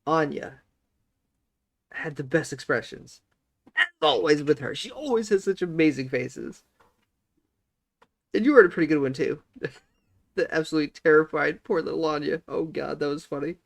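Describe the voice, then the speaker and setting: A man reacting to an anime episode in relaxed, chuckling chat. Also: on the high side, normal speed, gravelly, pauses often. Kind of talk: casual chat.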